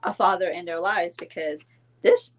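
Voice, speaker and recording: A woman's voice: lowish voice, moderate pace, a little hiss or hum. Chatty woman from Belize, 40s, loose rambling live-stream delivery. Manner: chatty, rambling, many fillers and restarts. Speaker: vlogger. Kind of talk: casual live-stream chat.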